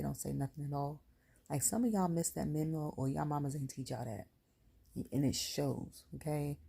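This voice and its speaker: A woman's voice: low-pitched, vocal fry, husky. A woman, a parent, giving a casual, blunt, slangy rant as a wrestling show reviewer. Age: adult with a son. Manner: animated, blunt, slangy ranting. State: near tears. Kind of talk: casual ranting commentary.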